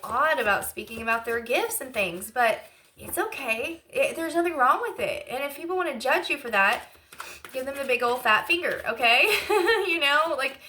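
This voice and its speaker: A woman's voice: high voice, sharp tone, a little hiss or hum. A woman giving a casual channeled tarot reading, chatty and emotional, rambling with lots of fillers. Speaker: intuitive tarot reader.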